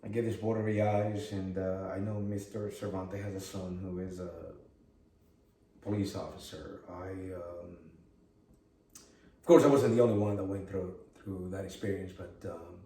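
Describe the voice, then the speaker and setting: A man co-hosting a podcast interview, talking in a halting way with many fillers and restarts. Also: low-pitched, fairly even intonation, warm tone. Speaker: podcast co-host. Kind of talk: emotional interview talk. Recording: roomy sound, distant mic.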